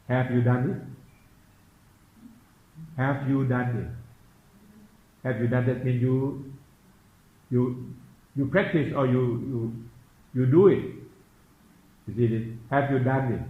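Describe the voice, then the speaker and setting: A man giving a Buddhist dharma talk, slowly and repetitively questioning his listeners in simple English. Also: mid-range voice. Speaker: Buddhist meditation teacher. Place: temple teaching hall. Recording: echoey, dull room recording.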